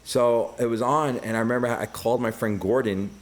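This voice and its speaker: A man's voice: mid-range voice, fairly quick. A middle-aged man, a podcast guest telling stories in casual, profane chat and acting out other people's voices. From Brooklyn, New York. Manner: profane, animated, acts out quoted voices.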